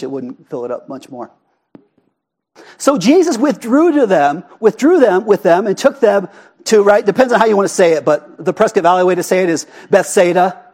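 A man with a notably high voice delivers a sermon in a church. He keeps it conversational and animated, often pausing to ask the congregation questions. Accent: Arizona. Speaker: pastor. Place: church sanctuary.

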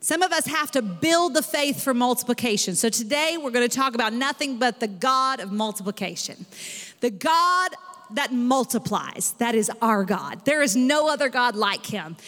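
A woman pastor preaching a sermon in an animated way, rising in emphasis as she makes her points. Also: fairly high pitch, normal speed, big-room sound.

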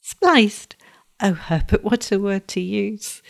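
A woman reading a storybook voices an earnest, tender young flower girl with a brighter, lifted tone. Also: medium pitch, expressive, takes it slowly, vocal fry, voice pushed up.

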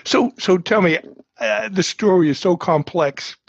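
A man's voice: high voice, measured pace, gravelly, breathy edge, no room sound. Earnest Boston-accented man hosting a podcast. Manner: earnest, explains step by step. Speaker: podcast host. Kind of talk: casual interview. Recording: muffled, lo-fi dry audio.

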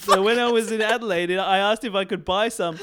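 A man's voice: high-pitched, steady tone, brisk, heavy background noise. A man co-hosting a casual comedy chat, reading out a news story with quotes and breaking into laughter and swearing. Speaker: podcast co-host.

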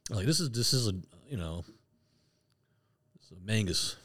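A man's voice: mid-range voice, big pitch swings, moderate pace, fairly bright tone. A man co-hosting a casual whiskey tasting, talking in a rambling way, often restarting and laughing at himself. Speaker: podcast co-host.

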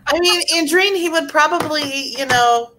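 A woman's voice: sits high, moderate pace, noisy background. A woman in casual podcast chat, throwing in blunt, wry remarks.

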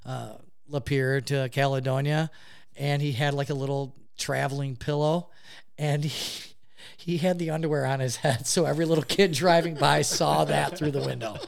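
A man telling a funny story in casual chat, animated and laughing often as he goes. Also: fairly high pitch, normal speed, creaky.

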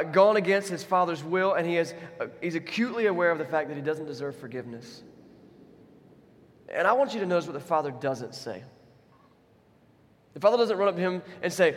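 A pastor preaching a sermon, telling the story with animation, acting out the quotes and dropping to a soft, quiet voice for emphasis. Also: male voice, high-pitched, brisk. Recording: long reverb of a large hall.

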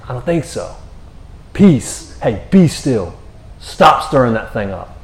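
A man's voice: medium pitch, very animated, quick pace, warm tone, poor audio. A man voicing a just-woken grown man who barks stern commands.

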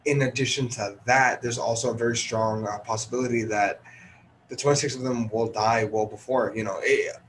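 A man's voice: mid-range voice, fairly even intonation, normal speed, a bit bright, slight background noise. A man hosting a podcast and giving a casual movie review, chatty and a bit tired, with lots of ums and restarts. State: tired, early morning. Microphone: headphone podcast recording.

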